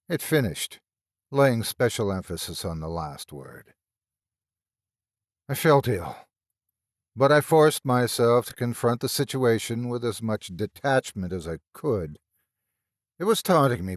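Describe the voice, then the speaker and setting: A man's voice: fairly low pitch, expressive, unhurried, dry recording, clean studio sound. A man narrating a scripted horror story in a tense, dramatic storytelling manner.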